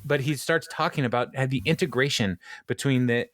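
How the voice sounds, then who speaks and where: A man's voice: medium pitch, fairly quick, fairly bright tone, no echo, faint music behind. A man co-hosting a podcast, casually recapping a sitcom episode with playful jokey asides. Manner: playful, jokey asides, dips into mock voices. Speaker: podcast co-host.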